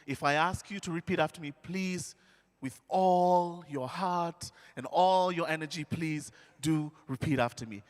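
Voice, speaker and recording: A man from Fiji, leading a live audience through a call-and-response lesson on stage with an energetic, coaxing manner. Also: a little high. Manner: energetic, coaxing, counts the crowd in. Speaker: stage presenter teaching an audience. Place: large indoor hall, live event. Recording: echoey large hall.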